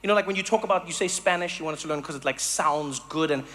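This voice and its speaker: A man from Africa, doing animated live stand-up comedy and storytelling. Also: on the high side, quick pace. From South Africa. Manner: animated storytelling, acts out voices.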